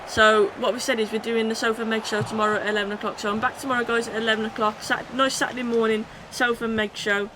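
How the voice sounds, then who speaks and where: A woman livestreaming a football video game, chatting with her viewers and shouting at the match as it plays out. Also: on the high side, fast talker, hardly any pauses, noisy background. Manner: excitable, shouts at the game, then chats casually. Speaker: gaming streamer. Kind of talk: live game commentary and chat reading.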